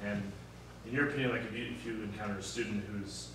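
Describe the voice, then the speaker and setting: A man's voice: fairly low pitch, fast. Hesitant male interviewer in echoey room. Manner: hesitant, thinking aloud with fillers. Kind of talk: interview questions. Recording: distant echoey recording with clear noise.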